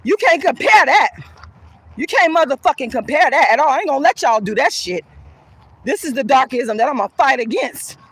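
A woman's voice: high voice, animated, a little fast, fairly bright tone, husky, no echo. A woman activist ranting to camera outdoors, heated, cursing and scornful. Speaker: colorism activist. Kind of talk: angry profane rant to camera.

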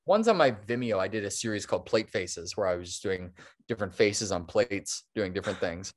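A man's voice: fairly low pitch, lively intonation, fairly quick. Chatty, long-winded male animator guest. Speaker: stop motion animator, podcast guest. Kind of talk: casual interview chat.

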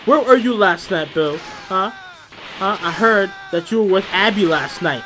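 Hyped high-voiced man trash-talking a game. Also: animated, normal speed, slight background noise. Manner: hyped, profane trash talk; yells at the screen. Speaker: gamer. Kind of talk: let's play commentary.

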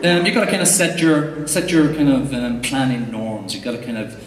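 A man's voice: medium pitch, lively intonation, a little fast, crowd noise. A young Irish man giving a humorous, chatty conference talk as a tech coach, full of fillers and asides. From Ireland. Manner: jokey, chatty, lots of fillers. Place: large hall before an audience. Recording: echoey hall recording from far off.

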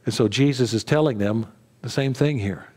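Middle-aged male pastor, mid-pitched voice, chatty sermon full of ums and restarts. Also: normal speed, darkish tone, husky. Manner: conversational preaching with frequent fillers, restarts and "right?" asides.

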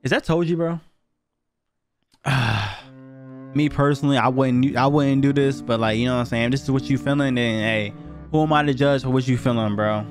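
A man's voice: mid-range voice, moderate pace, soft background music. A young man giving blunt, profane, slang-heavy reactions as he reviews viewer submissions in a casual video.

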